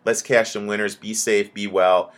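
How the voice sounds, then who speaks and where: Male host, young adult, low-ish voice; blunt, profane solo podcast rant. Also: flat delivery, moderate pace, fairly bright tone. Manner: blunt, swears a lot, ranting. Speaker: sports betting podcast host.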